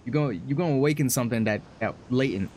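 A man streaming a horror game, joking, excitable and laughing often. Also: medium pitch, racing, a crowd in the background. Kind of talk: horror game let's play commentary.

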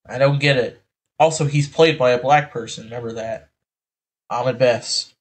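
A man's voice: mid-range voice, steady tone, moderate pace, a little hiss or hum. A man reading an article aloud and reacting with exasperated, rambling commentary through a voice changer, sighing often. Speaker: online commentator.

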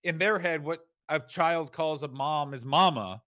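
A man's voice: fairly high pitch, a little slow, bright, forceful tone, dry recording. A man co-hosting a comedy podcast, rambling and riffing with mock outrage. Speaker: podcast co-host.

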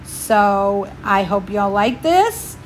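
A woman's voice: medium pitch, sing-song, extremely slow, slight background noise. A woman, slightly out of breath, chatting through a step-by-step craft tutorial for her channel. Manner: chatty, homey, explains each step.

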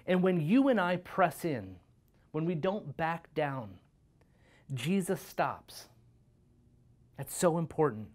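A man's voice: fairly high pitch, animated, unhurried. A man, a youth pastor, giving a devotional sermon and reading scripture in an earnest, conversational way, often checking in with "right?".

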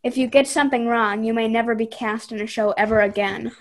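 A woman's voice: on the high side, fairly even intonation, fast. A woman co-hosting a chat, giving out acting prompts upbeat and laughing along. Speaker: co-host. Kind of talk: game-show style hosting.

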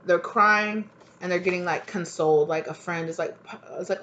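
A woman's voice: on the low side, fairly even intonation, moderate pace, a bit bright, a little hiss or hum. A woman doing a casual tarot reading for her channel, chatty and blunt and full of fillers. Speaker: tarot reader.

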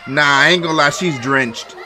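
A man's voice: on the high side, normal speed, very noisy. A man live-streaming his reactions to a video, joking, swearing freely and laughing often.

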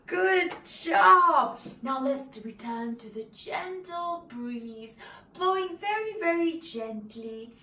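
A woman's voice: sits high, lively intonation, takes it slowly, hardly any pauses. A woman storyteller leading preschool children through a story, coaxing them to join in and counting out actions. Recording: roomy echo from a distance, soft music.

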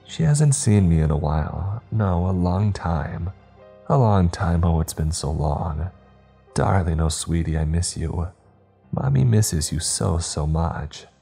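A man's voice: deep voice, lively intonation, unhurried, vocal fry, warm tone, breathy edge, faint music behind, full character voice. A man voicing a hysterical programmed mother who grins through tears, speaking in a sing-song, unhinged way.

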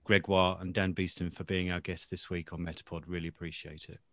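A man's voice: sits low, flat delivery, brisk, fairly bright tone. A man hosting a podcast, politely thanking guests and throwing in quips. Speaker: podcast host.

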